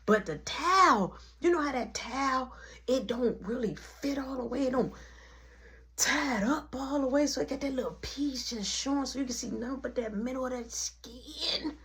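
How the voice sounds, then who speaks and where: A woman's voice: high voice, moderate pace. A woman telling a casual story in slangy talk, acting out the people in it. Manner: animated, slangy, acts out every voice.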